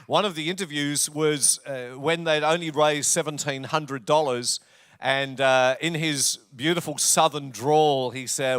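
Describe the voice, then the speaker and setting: Australian pastor preaching with a clear voice. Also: male voice, fairly high pitch, steady tone, measured pace, no echo. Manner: jokey, storytelling, warm asides. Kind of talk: sermon. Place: church.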